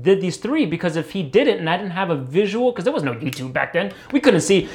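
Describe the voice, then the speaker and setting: A man's voice: high-pitched, big pitch swings, brisk. A man, a guitarist guest, talking loosely with many fillers and the odd curse. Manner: rambling, many fillers, swears. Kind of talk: casual interview talk.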